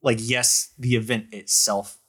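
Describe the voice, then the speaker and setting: Podcast guest, male, mid-pitched, rambling casual storyteller with lots of fillers. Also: flat delivery, measured pace, fairly bright tone, husky. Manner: rambling, full of "like" and restarts. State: choked up. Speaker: guest artist.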